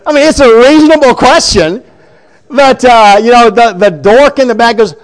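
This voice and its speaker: A man preaching a sermon, retelling scripture in an animated, chuckling storytelling way. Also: extremely high pitch, moderate pace.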